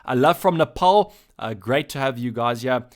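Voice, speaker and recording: Hosting a relaxed live stream on his own channel, a South African man reads out viewers' chat messages and answers them one by one. His mid-pitched voice, ordinary for a man, comes across loose and halting.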